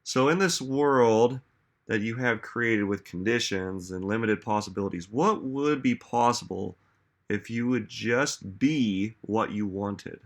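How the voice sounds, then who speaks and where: A man's voice: on the low side, unhurried. A man giving a reflective motivational talk, musing aloud and asking listeners many rhetorical questions. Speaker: self-help speaker.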